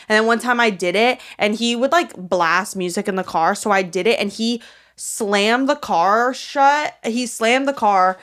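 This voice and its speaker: A woman's voice: mid-range voice, moderate pace, a bit bright. A young woman co-hosting a podcast, talking bluntly and brashly with plenty of swearing. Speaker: podcast co-host. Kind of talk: casual podcast chat.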